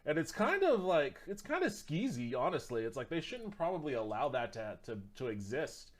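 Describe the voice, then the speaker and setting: A man's voice: fairly high pitch, very animated, normal speed. A man streaming, reacting to videos in a loose, rambling casual chat that includes some swearing.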